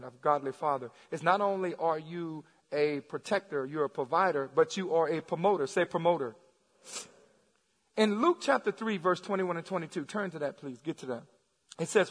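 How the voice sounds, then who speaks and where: A man preaching a sermon to his congregation, calling out to the crowd and building to shouts. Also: a little high, fairly quick, long reverb tail. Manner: preaching with rising shouts and call-and-response. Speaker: pastor. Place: church sanctuary.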